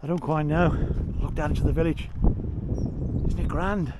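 Middle-aged guy vlogging a village walk, kinda high voice, gushes over everything, action cam audio. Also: steady tone, normal speed, very noisy. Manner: enthusiastic, admiring, chatty. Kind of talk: walking tour vlog narration. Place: outdoors in a village, then inside a small shop. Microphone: action camera mic.

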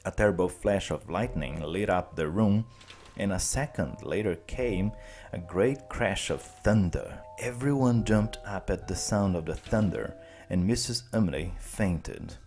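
A man teacher narrating a classic story slowly and clearly for language learners. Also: low-pitched, faint music behind. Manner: slow, clear, expressive.

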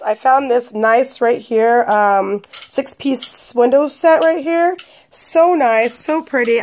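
A young woman chatting excitedly to her viewers about cheap finds in a casual shopping haul video. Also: a little high, gravelly. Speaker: vlogger.

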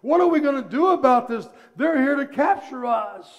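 A man voicing a panicked young male servant who shouts frantic warnings, high and loud. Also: lively intonation, normal speed, muffled recording.

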